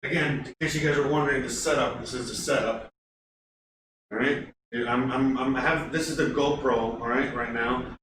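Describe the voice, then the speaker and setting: A man's voice: medium pitch, fairly even intonation, normal speed. A man hosting a casual cooking livestream from his home kitchen, rambling with lots of fillers and restarts. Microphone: microphone on kitchen counter setup. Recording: echoey kitchen with background noise.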